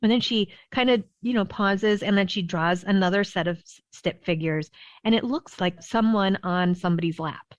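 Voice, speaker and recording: A woman pediatrician telling a parenting story in a podcast interview, lively and laughing often, with many "you know" fillers. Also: mid-range voice, moderate pace, dry recording. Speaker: behavioral pediatrician guest. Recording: dull, dry lo-fi sound.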